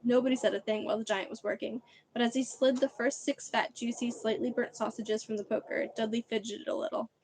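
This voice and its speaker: A woman reading a children's book aloud on a livestream, expressive and chatty between chapters. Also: fairly high pitch, brisk, slight background noise. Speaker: reader.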